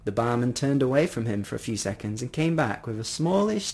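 A man narrating a first-person story in an expressive reading voice. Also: mid-range voice, a little fast, hardly any pauses, breathy edge.

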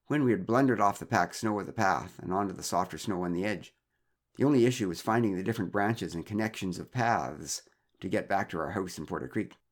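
A man calmly narrating a first-person story in a measured, wry way. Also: lowish voice.

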